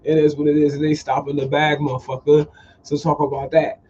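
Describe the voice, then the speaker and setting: Profane, animated man with a fairly high voice. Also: a little fast, slight background noise. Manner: profane, animated, repeats phrases. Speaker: podcast host. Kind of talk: casual storytelling monologue. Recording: dull lo-fi sound.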